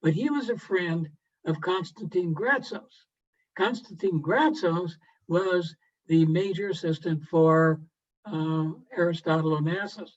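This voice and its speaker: A man giving a relaxed storytelling lecture to a garden club, unhurried, with frequent pauses and throat clearing. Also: fairly high pitch, muffled recording. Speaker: guest presenter to a garden club. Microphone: video call microphone.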